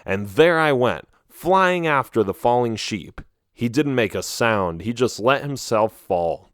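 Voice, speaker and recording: A man narrates a children's animal story in the first person with an expressive reading. His pitch is middling and moves about a lot. The recording is close and dry. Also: measured pace, no room sound. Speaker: audiobook narrator.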